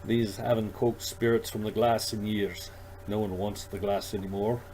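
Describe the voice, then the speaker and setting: A man's voice: lowish voice, moderate pace, a little hiss or hum, lightly acted. A man voicing an eccentric old male alien shopkeeper who mutters to himself and rambles. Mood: wistful. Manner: dithering, excitable, childlike. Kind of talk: audiobook character voice.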